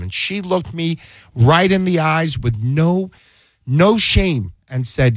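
A man's voice: fairly high pitch, slow pace, no room sound. A man, a defense attorney, telling stories in a casual chat and acting out the dialogue he quotes. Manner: animated storyteller, acts out quoted dialogue.

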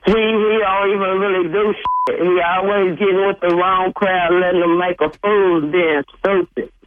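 A woman's voice: lowish voice, steady tone, moderate pace. A woman on a phone call, earnest and tearful, answering bluntly. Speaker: caller's mother. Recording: dull phone line.

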